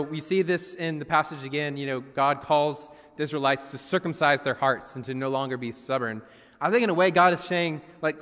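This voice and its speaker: Preaching man with a higher voice in a reverberant hall. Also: a bit bright. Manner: earnest, conversational preaching with frequent "you know" fillers. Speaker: pastor. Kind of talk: sermon. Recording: long reverb of a church hall.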